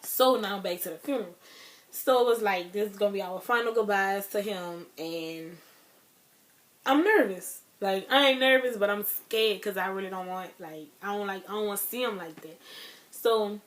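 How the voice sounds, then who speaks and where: Speaking straight to her viewers as y'all, a young woman vlogger shares a sad personal story, chatty and casual yet grieving and emotional. She talks at a medium pitch and moderate pace.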